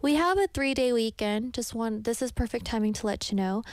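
A woman's voice: fairly high pitch, a little fast, no room sound. A woman radio host chatting in a bubbly way and reading listener messages, in a radio studio.

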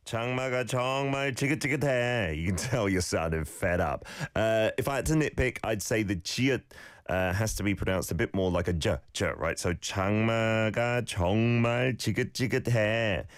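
A man hosting a radio show, playfully correcting listeners' pronunciation and repeating phrases slowly. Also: fairly low pitch, no room sound, studio quality. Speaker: radio host teaching Korean phrases. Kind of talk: casual radio lesson.

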